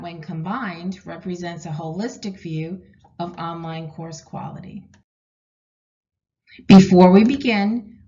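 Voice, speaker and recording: A woman with a New England accent, originally from Rhode Island, giving a scripted presentation as a university technology director and reading figures and lists in a clear, measured way. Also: on the low side, a little mellow. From Rhode Island, USA. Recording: dull lo-fi recording.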